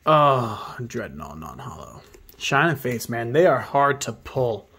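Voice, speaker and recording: Husky guy opening card packs, slow and chill, mumbles card names, gets hyped. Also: medium pitch. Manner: excitable, mutters card names under his breath. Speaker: card opening channel host. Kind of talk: casual pack opening commentary.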